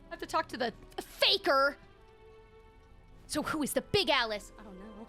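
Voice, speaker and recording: Excitable lady streamer, bright voice, soft music behind her. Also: sits high, a little slow, long pauses. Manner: excitable, exclaiming. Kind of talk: casual live-stream chatter.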